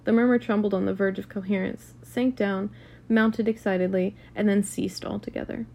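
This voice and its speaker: A woman's voice: mid-range voice, fairly even intonation, moderate pace, creaky, a little mellow. A woman reading a classic novel aloud in a casual, unpolished way, with occasional restarts and asides. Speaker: reader.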